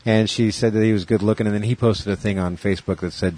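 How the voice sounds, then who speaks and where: Husky low-voiced man chatting. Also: steady tone, a little mellow. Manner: rambling storyteller, quick laughs. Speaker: podcast co-host. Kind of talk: casual chat.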